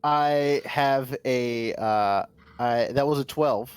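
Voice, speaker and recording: A man's voice: medium pitch, slow pace, clear, resonant tone. A man playing in a tabletop game, talking hesitantly with many restarts and fillers. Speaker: player.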